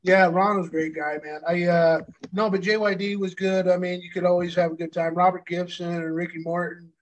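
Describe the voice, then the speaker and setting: Brief: man in his fifties, slightly high and monotone, rambling and reminiscing. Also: a little fast, muffled recording, a little hiss or hum. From United States. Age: 50s. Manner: rambling, filler-heavy reminiscing. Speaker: co-host, former pro wrestler. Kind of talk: casual chat.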